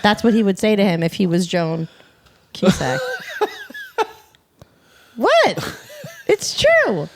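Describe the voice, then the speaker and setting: A woman's voice: medium pitch, huge pitch swings, takes it slowly, long pauses, slight background noise. Playful woman chiming in on a podcast. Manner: playful, jumps in with side remarks and quotes. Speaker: podcast co-host. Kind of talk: casual movie chat.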